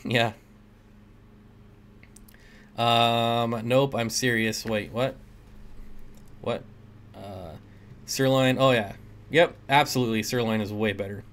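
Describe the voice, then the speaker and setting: A man's voice: mid-range voice, steady tone, unhurried, pauses often, fairly bright tone. A man hosting a casual livestream, reading chat comments aloud and joking with viewers, often laughing. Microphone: desk mic.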